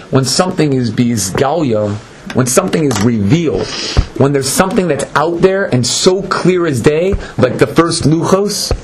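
A man giving an animated Torah lecture, dramatic and acting out the voices of the people in his story. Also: a little hiss or hum. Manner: dramatic, acts out voices, swings between high and low. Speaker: Torah teacher.

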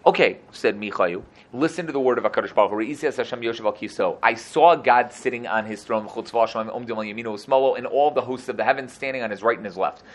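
A man teaching a Bible chapter verse by verse, mixing Hebrew terms into casual English and acting out the quotes. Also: mid-range voice. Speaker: Torah teacher. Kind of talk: explaining a Bible text verse by verse.

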